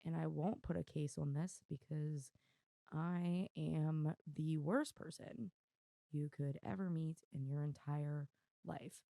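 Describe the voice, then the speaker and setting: Hoarse, gravelly self-mocking woman host. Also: low-pitched, fairly even intonation, slow pace, dark tone, no room sound. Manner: self-deprecating, rambling, laughs often. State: losing her voice. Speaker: podcast host. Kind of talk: casual chat. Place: room at home with dogs. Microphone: desk mic on video.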